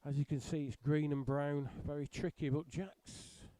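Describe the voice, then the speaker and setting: Chatty bowls commentator. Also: male voice, on the high side, normal speed, no echo. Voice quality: talks a little strangely from a missing tooth. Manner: chatty, self-deprecating, relaxed. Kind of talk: live sports commentary.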